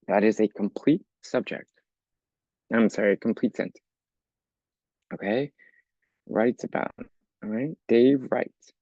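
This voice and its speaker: A man's voice: on the low side, a little mellow, no room sound, dull audio. A man teaching an English lesson for learners, explaining patiently step by step and often checking with "okay?". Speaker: ESL teacher.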